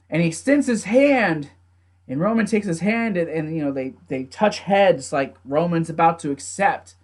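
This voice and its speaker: Recapping a wrestling match casually, this young male reviewer has a slightly high voice for a man, gets animated, and laughs easily. Now and then he slips into quick impressions of the wrestlers' lines.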